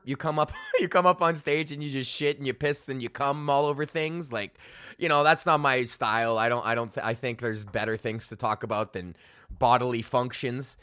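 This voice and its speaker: A man's voice: mid-range voice, fairly bright tone, no room sound, studio quality. A man hosting a comedy podcast, telling a rambling, profane story with frequent laughter. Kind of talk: casual storytelling rant.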